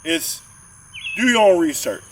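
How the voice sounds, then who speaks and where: A man's voice: sits high, huge pitch swings, unhurried, gravelly, fairly bright tone, far from the mic, a little hiss or hum, low-quality recording. A man co-hosting a podcast, rambling in casual chat and often repeating his words as he makes a point. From southern Georgia, US. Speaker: podcast co-host.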